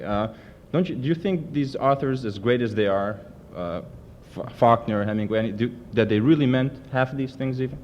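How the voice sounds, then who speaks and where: A man's voice: medium pitch, a little mellow. A man from the audience asking a professor a question, hesitant and searching for examples. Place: university lecture event. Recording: muffled old archive tape with faint hiss.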